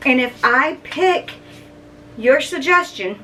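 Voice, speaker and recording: Slow-talking woman reviewing snacks. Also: a little high, animated, fairly bright tone. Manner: chatty, chews and hums between bites. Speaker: food vlogger. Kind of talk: casual food review to camera. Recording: distant mic, faint background noise.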